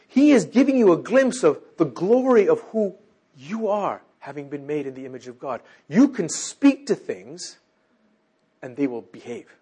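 A husky-voiced man preaching to a congregation, his voice a little higher than most men's. He talks with lively, animated pitch and swings from loud exclamations down to near-whispers. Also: moderate pace. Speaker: teacher. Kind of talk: sermon.

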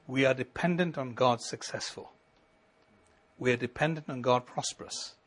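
A middle-aged male pastor preaching a sermon, building to emphatic lines and then dropping to a quiet, intimate tone. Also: medium pitch, normal speed. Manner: preaching with rising emphasis and sudden soft drops.

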